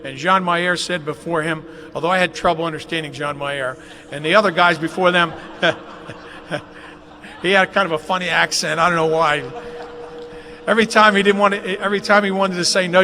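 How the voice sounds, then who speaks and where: A man's voice: sits high, fairly even intonation, normal speed, bright, forceful tone. An older man giving a folksy, jokey anecdotal speech at a dedication ceremony inside a large athletic facility, recorded on a live webcast. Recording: live webcast, long hall reverb, faint noise.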